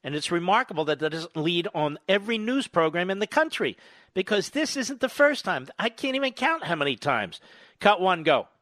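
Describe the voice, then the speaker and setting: A man's voice: high-pitched, big pitch swings, moderate pace, fairly bright tone, no echo. A man hosting a radio talk show, delivering an opinionated, indignant and sarcastic monologue into a studio microphone.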